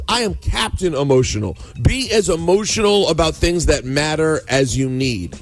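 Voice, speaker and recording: A man with a slightly high voice, ranting in mock outrage as he co-hosts a morning radio show. He talks in an animated, exasperated way. A music bed plays faintly behind him. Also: normal speed. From United States. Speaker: radio co-host. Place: radio studio. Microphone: studio microphone.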